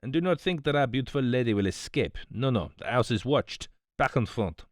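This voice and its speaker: A man's voice: mid-range voice, expressive, a little fast, dry recording, studio quality, natural voice. A man voicing a fussy, smug older detective, politely reproving, in an audiobook. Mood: smug, precise. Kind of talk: audiobook character voice.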